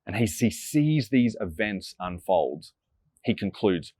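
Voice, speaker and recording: Low-voiced man preaching dramatically. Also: expressive, no room sound. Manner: slows down and drops soft for emphasis. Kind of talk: dramatic sermon storytelling.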